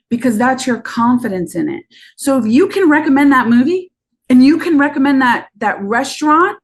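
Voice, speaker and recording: A woman business coach on a podcast, talking in a lively way and acting out bits of sales talk. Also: on the high side, breathy edge. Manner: animated, acts out sales talk.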